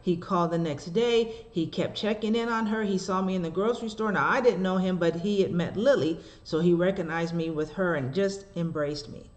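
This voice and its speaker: Animated woman preaching a sermon. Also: fairly low pitch, brisk, few pauses. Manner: animated storytelling with rhetorical asides. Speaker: minister.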